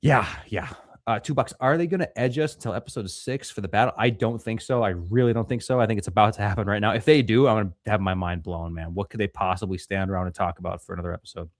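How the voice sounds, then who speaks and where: Low-voiced man joking through superchats. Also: fast, dry recording, studio quality. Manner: crude, joking, reads viewer messages aloud. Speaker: livestream co-host reading superchats. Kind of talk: casual livestream banter.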